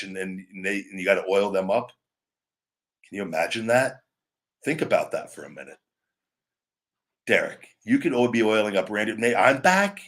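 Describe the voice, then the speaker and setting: Male host, slightly low pitch, loose rambling live-stream chatter. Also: a bit bright. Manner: rambling, restarts, says "brother" and "my man". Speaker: show host. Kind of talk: casual live-stream chat.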